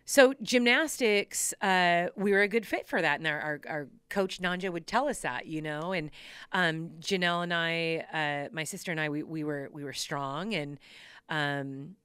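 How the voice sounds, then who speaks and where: Bright, crisp-voiced woman podcast host. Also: low-pitched, moderate pace, dry recording, studio quality. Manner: animated, laughs often while telling stories. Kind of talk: casual storytelling chat.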